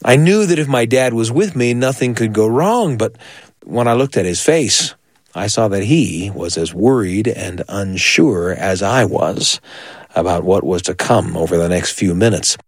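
A man's voice: on the low side, animated, a little slow, dry recording, studio quality. A man hosting a program, introducing a story and then narrating a reflective memory of his own. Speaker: radio host. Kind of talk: scripted narration.

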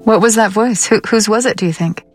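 A woman hosting the piece, asking questions and reading scripted narration in a measured way. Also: mid-range voice, soft background music. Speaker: interviewer and program narrator.

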